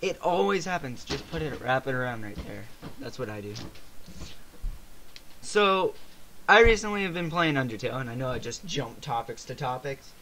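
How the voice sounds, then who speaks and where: A man's voice: medium pitch, very animated, normal speed, bright, forceful tone, a little hiss or hum. A young man co-hosting a casual podcast, rambling and swearing, his voice cracking often. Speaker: podcast co-host. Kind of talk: casual chat.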